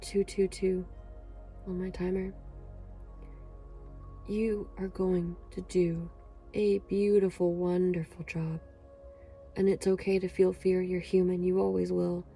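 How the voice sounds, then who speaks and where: A woman's voice: fairly low pitch, level tone, slow, gravelly, long pauses, warm tone, soft background music. A woman giving an emotional, effusive pick-a-card tarot reading, rambling with fillers. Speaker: tarot reader.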